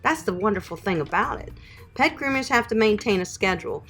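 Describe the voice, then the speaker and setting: A woman's voice: mid-range voice, lively intonation, a little fast, fairly bright tone, slightly rough, faint music behind. A middle-aged woman, a pet groomer hosting a live stream, answering viewer questions in a chatty, affectionate way and calling them honey and sweetheart. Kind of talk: live Q&A chat reading viewer comments.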